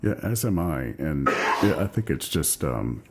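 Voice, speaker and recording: A man hosting an interview podcast who speaks haltingly, with many fillers. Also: very deep voice, very animated, heavy background noise. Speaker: podcast host. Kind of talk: casual interview.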